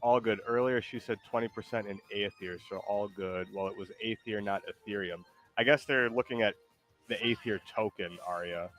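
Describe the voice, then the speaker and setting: A fairly low-voiced man chats casually while streaming a game. He rambles, packing his speech with likes and restarts. Faint music plays behind him. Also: normal speed, fairly bright tone. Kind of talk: casual chat while gaming.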